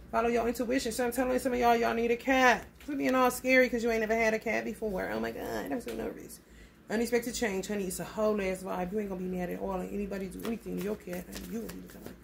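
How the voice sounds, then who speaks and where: Blunt, gravelly-voiced woman tarot reader. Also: mid-range voice, slight background noise. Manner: blunt, profane, calls listeners honey. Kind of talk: casual tarot reading.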